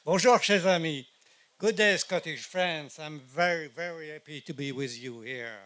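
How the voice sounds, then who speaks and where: An older man with a French accent, giving a halting rally speech full of hesitations. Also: on the high side, bright, forceful tone. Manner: hesitant, halting with many fillers. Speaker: rally speaker.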